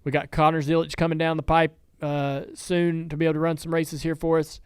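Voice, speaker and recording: A man's voice: fairly high pitch, flat delivery, a little fast, darkish tone, clean tone, no room sound. A man hosting a casual studio talk show, telling rambling stories with many restarts. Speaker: podcast host and team owner. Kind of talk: casual chat.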